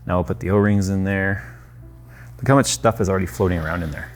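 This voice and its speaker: A man's voice: low-pitched, fast, soft background music. A man in his thirties casually walking through a hands-on cleaning job at a workbench, chatty and loose with offhand jokes. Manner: chatty, loose, self-deprecating asides. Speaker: tech YouTuber. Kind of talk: casual how-to demonstration. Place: workshop workbench.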